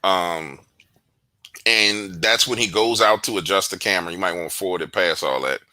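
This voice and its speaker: A man recounting events in casual chat, slangy and animated, cursing freely. His low-set voice has a very bright, forceful edge. The sound is dry and close. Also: moderate pace, dry recording. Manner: animated storyteller, slangy, profane. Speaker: guest investigator. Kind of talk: casual podcast conversation.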